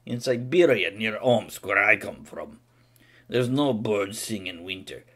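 A man's voice: fairly low pitch, measured pace. A man doing a rambling Russian joker. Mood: deadpan. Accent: Russian, put on. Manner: broken English, rambling deadpan jokes. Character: boastful vodka-loving Russian man from Siberia. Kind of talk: comedic character monologue on a live stream.

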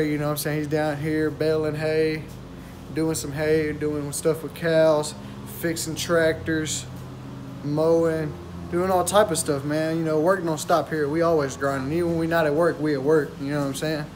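A man's voice: on the high side, level tone, moderate pace, noisy background. A young man talking casually in a vlog, laid-back, with lots of repeated slang fillers. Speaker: vlogger.

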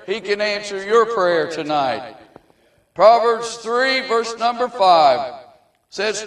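A male pastor delivers a sermon and prayer in a high, carrying voice. He reads scripture slowly and with emphasis, and the sound comes from a distant mic in a reverberant church sanctuary. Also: fairly bright tone. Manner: measured, emphatic scripture reading.

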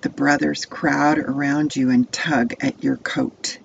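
A woman's voice: very deep voice, flat delivery, slow, creaky, highs cut off, slight background noise. A woman telling a Bible story to children, placing the listener inside the tale as "you". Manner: second-person immersive storytelling.

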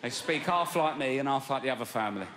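Cheeky South East London comic. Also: male voice, medium pitch, animated, quick pace. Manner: brash, cheeky, punchy. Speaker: stand-up comedian. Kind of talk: stand-up routine. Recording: live club, loud crowd laughter.

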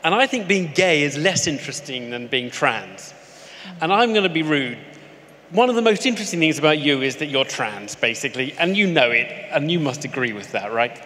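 Man host, fairly high voice, pushy questions, live hall with long reverb. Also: animated, fairly quick, pushed and bright, slight background noise. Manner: probing, provocative questioning. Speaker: host and journalist. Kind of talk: live on-stage interview. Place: stage at a live event.

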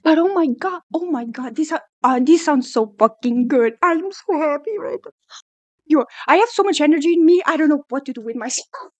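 A young woman hosting a music video reaction, excitable and swearing freely, singing along and shrieking in delight. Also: high voice, normal speed, no room sound. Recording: faint music playing behind her voice.

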